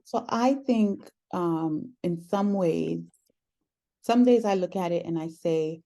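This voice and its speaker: A woman talking through a personal story in conversation, earnest and reflective, often pausing with "um". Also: on the low side, gravelly, warm tone. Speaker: podcast host sharing her story as guest.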